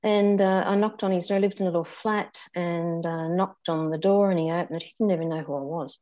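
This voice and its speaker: Older Australian woman, low-pitched, candid storyteller, reflective and halting. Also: steady tone, dark tone. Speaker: interview guest. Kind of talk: personal storytelling.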